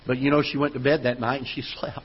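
A man's voice: mid-range voice, little pitch movement, quick pace, lo-fi sound, slight background noise. A man preaching a sermon as pastor, telling a story that builds into emphatic preaching. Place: church auditorium.

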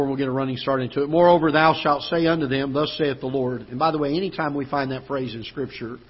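A male pastor preaching a sermon in a church auditorium, breaking into joking asides and then rising and slowing for emphasis when he reads scripture aloud. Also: mid-range voice, breathy edge, lo-fi sound. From United States.

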